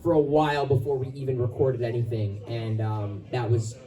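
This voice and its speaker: A voice actor on a convention panel who talks casually and rambles a bit. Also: male voice, medium pitch, flat delivery, normal speed, warm tone. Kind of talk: panel talk. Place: convention hall. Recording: from far off in a hall.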